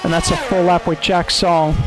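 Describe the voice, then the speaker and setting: A man's voice: sits high, very animated, moderate pace, over music, low-quality recording. A man commentating an online sim racing event, calling corners and penalties and mocking his own attempts at an Italian accent. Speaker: race commentator.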